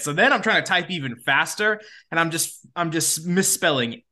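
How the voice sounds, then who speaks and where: A man's voice: on the high side, expressive, brisk, hardly any pauses, sharp tone. A man co-hosting a podcast in casual chat, teasing and telling stories with acted-out quotes, swearing now and then. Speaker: podcast co-host.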